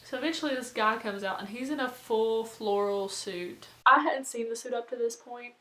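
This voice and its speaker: A woman's voice: a little high, normal speed, fairly bright tone, echoey room, low-quality recording. A young woman telling a casual storytime as a vlogger, chatty and full of "like" and asides. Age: young adult. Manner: chatty, lots of "like", rambling asides.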